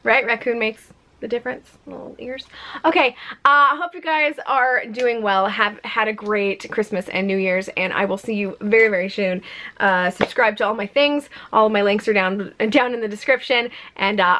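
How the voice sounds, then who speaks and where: A woman's voice: a little high, sharp tone, low-quality recording. A woman vlogging a casual makeup unboxing at home, gushing and exclaiming with frequent giggles. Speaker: beauty vlogger.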